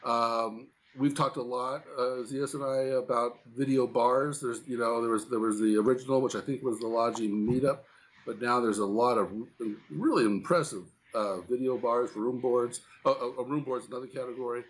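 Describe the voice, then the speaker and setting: A man co-hosts a casual discussion, speaking in a loose, conversational way. His voice sits at an ordinary middle pitch. He restarts sentences often and fills gaps with "uh" and "you know.". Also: steady tone, normal speed, slight background noise. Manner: conversational, frequent fillers and restarts. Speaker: podcast co-host.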